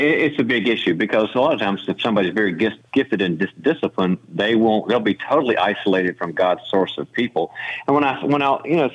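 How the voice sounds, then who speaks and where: A man talking through ideas and stories in an interview, acting out the people he quotes with jumps in his voice. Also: dull audio. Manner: animated, acts out quoted voices with pitch jumps. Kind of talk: conversational storytelling interview.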